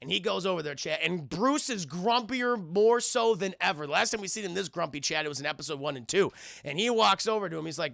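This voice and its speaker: A man's voice: high-pitched, expressive, fairly quick, vocal fry, fairly bright tone, no echo, studio quality. A man reviewing a cartoon on a live stream, rambling and profane and constantly addressing his chat. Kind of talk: live-stream episode recap.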